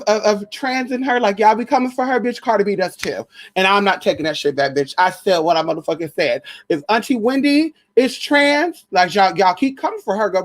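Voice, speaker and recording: Brash, profane woman ranting sassily. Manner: brash, profane and sassy, with pet names; mocks others in a shrill high voice. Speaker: vlogger. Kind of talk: casual gossip rant.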